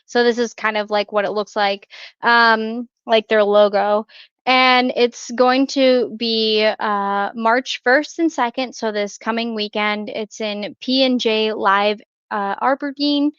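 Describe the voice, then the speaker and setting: A woman's voice: a little high, fairly even intonation, slow pace, a bit bright, clean tone, no echo, highs cut off. A woman co-hosting a pop culture podcast, chatting casually with lots of fillers, restarts and small laughs. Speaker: podcast co-host. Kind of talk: casual chat.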